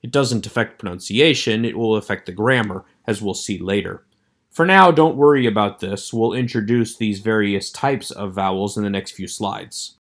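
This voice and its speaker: A man with a low voice gives a recorded online lecture. His delivery is steady and explanatory, and he walks through each point patiently. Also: moderate pace. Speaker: teacher.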